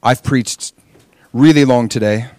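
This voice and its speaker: A pastor in his forties, mid-range in voice and unhurried, preaches a sermon in which he animatedly recounts a personal story, performing his past prayers and conversations. The recording is dry.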